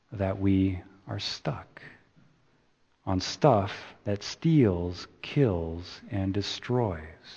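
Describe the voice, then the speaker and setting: A man preaching a sermon, slow and deliberate, building emphasis and then easing off at the ends of phrases. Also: fairly low pitch, darkish tone, breathy edge. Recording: dull sound in a reverberant hall.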